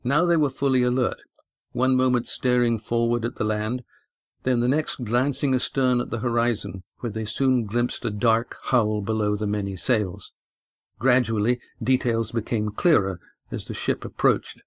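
A man narrating a sailing adventure audiobook in an even, steady reading. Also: medium pitch, moderate pace, dry recording, clean studio sound.

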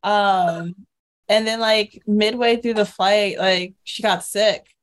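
A woman's voice: medium pitch, steady tone, slow pace. Chatty young woman telling stories. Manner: chatty, lots of fillers and laughs. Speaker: podcast co-host. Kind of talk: casual storytelling chat.

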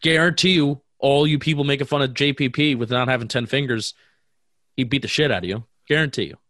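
A man's voice: mid-range voice, fairly quick, a bit bright, no echo, studio quality. A man co-hosting a podcast in casual chat, bantering and teasing his co-host.

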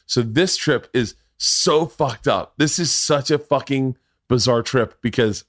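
A man's voice: medium pitch, a little slow, no room sound, studio quality. Profane rambling man telling stories. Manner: rambling, profane, restarts often, gets loud and laughs when excited. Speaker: podcast host. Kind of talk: casual chat, storytelling.

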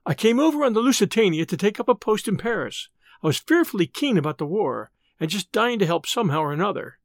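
A shaken young woman speaks in a quiet, anxious voice, as a man acts her out, pitched well above his own and dry on the mic. Storybook reading of a frightened girl. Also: big pitch swings, quick pace, no room sound. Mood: earnest.

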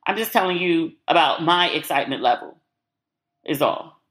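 Bright-voiced woman chatting frankly. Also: low-pitched, expressive, normal speed. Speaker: podcast host. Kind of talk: casual solo chat.

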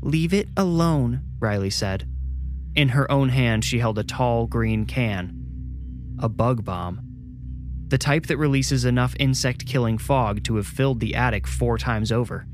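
A man narrating a scripted horror story in a measured, suspenseful way. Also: mid-range voice, faint music behind.

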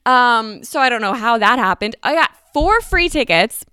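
A young woman tells a personal story in a casual, animated way, peppering it with "like." Her voice is bright and smooth, sitting somewhat high. The sound is dry and close. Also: normal speed, no room sound. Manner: chatty, animated, heavy use of "like" fillers.

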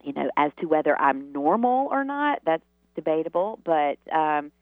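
A woman's voice: sits low, big pitch swings, normal speed, dry recording. A woman from the Southern United States, a guest telling long, rambling stories with many fillers and restarts. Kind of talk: storytelling interview answers. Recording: tinny phone line.

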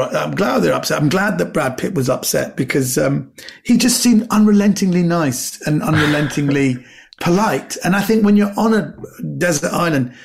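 A man from Britain, a comedian guest telling lively anecdotes in casual chat, acting out quotes and stumbling over restarts. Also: fairly high pitch, gravelly. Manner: animated anecdotes with acted-out quotes and stammered restarts.

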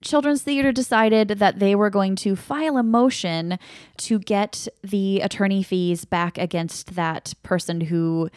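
A woman's voice: mid-range voice, darkish tone, no room sound, studio quality. A woman co-hosting a podcast in casual, playful chat. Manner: chatty, playful and laughing. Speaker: podcast co-host.

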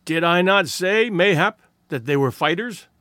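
A man's voice: lively intonation, measured pace, sharp tone, no room sound, exaggerated voice. A man doing a cackling old hunter. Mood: gloating. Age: older. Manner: cackling, squeaky.

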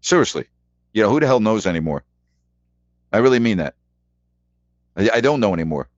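A man's voice: lowish voice, very animated, brisk, no room sound, highs cut off. A man hosting a sports radio call-in show, rambling chattily through scores and rhetorical questions. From New York.

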